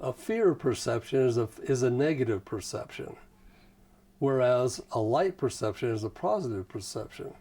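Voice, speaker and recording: A man's voice: medium pitch, animated, moderate pace, mellow. A man being interviewed, who talks in a folksy, rambling way and leans often on "you know" while he tells stories. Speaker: interview guest. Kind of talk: casual conversational storytelling.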